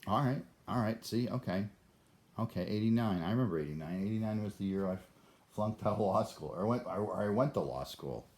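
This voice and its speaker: A man's voice: lowish voice, animated, brisk, a little mellow. An older man talking to the camera in a rambling monologue, often stammering and restarting his sentences. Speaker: vlogger.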